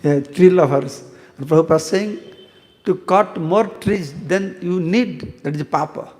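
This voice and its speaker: A man's voice: high-pitched, a little slow, a little mellow, long reverb tail. A man, a monk, teaching a scripture class who tells stories, asks the audience questions and chants verses. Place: temple hall.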